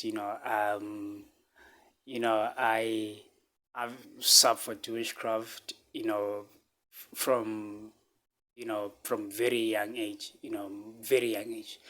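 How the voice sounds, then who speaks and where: A man from Africa, telling a personal story to his viewers in halting speech full of fillers, restarts and repeated phrases. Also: fairly low pitch, a bit bright. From South Africa. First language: a local South African language. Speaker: vlogger.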